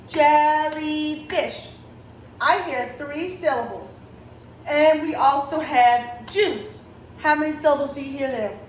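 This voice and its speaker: A woman kindergarten teacher giving a virtual lesson, talking slowly and clearly in a sing-song way to small children. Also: high-pitched, heavy reverb, far from the mic, slight background noise, rough recording.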